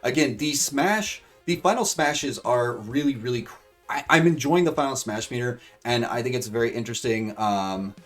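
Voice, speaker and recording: A man casually commentating computer-controlled fighting game matches for viewers, rambling with fillers and bursting into excitement at big moves. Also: mid-range voice, moderate pace, recorded from a distance, faint music behind. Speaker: streamer commentating AI fight bracket.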